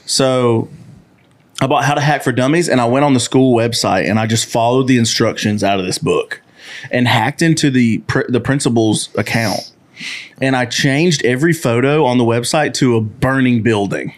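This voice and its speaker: A young man recounting a story with lots of laughter, his voice sitting at an ordinary male pitch. His telling is casual and animated, and he cuts himself off to laugh before pushing on. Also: normal speed. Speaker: podcast guest.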